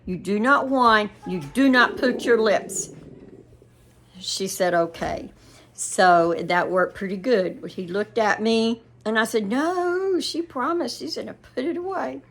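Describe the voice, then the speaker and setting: Older woman, homey vlogger; gravelly, meandering chat. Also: mid-range voice, a bit bright. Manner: rambling storytelling with laughs. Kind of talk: casual chat to viewers.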